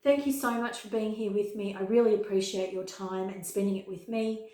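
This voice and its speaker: A woman's voice: mid-range voice, fairly even intonation, a little fast, mellow. A woman giving a pick-a-card tarot reading to camera, earnest and emphatic, repeating key words for weight. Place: home room with her dog nearby. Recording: echoey room.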